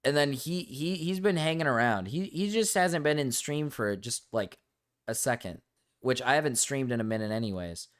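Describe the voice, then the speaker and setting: In a casual live stream, a man talks at normal speed in an animated, mid-range voice, rambling bluntly with lots of fillers and curse words.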